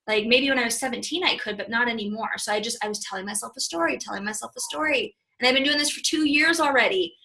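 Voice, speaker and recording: A woman in her early thirties telling a personal story on a panel, chatty and animated, acting out her own past thoughts. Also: on the high side, rough recording. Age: 30s.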